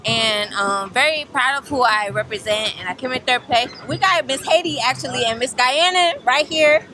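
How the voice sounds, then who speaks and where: A woman's voice: high-pitched, moderate pace, bright, forceful tone, slight background noise. A young woman and former pageant contestant, talking in a casual, slangy and proud way outdoors. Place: outdoor city festival.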